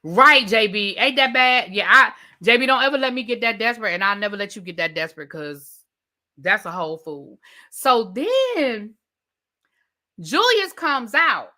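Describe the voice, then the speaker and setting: A woman hosting a live review, retelling scenes in a lively way and mimicking the people she describes. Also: a little high, normal speed. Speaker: TV review channel host. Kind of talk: live rant and recap of a reality show.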